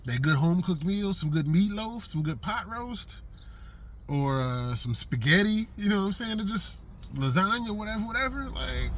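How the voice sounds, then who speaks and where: A middle-aged man giving a blunt, profane, streetwise vlog monologue from a vehicle. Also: high-pitched. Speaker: vlogger.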